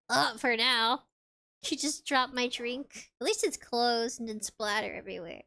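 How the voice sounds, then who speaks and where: A woman's voice: high-pitched, expressive, slow, bright, forceful tone. A young adult woman streaming a game, chatting casually with her chat, reading comments aloud and giggling often.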